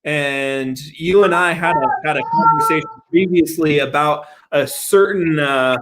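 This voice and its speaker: A man hosting a casual interview, halting with many "uh" and "um" pauses. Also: a little high, sing-song, noisy background. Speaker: host.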